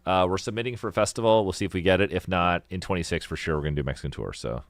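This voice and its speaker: An American man hosting a call-in chat, loose, profane and excitable. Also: deep voice, very fast, no room sound. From United States. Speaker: band member hosting a call-in stream.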